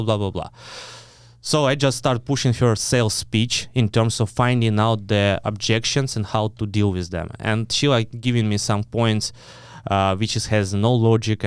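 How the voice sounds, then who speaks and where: A man with a Ukrainian accent, speaking English as a second language, his voice low and smooth. He tells his story bluntly, cursing freely and restarting his sentences often. The sound is close and dry, with no room around it. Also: no echo. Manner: blunt, swears often, acts out quoted dialogue; broken English, frequent restarts. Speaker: guest. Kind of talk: storytelling in an interview.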